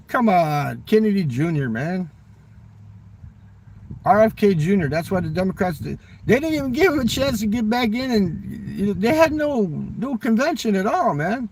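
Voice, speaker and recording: A man with a smoker's rasp, rambling through a profane political rant. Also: high-pitched, sing-song, normal speed, darkish tone, distant mic. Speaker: vlogger.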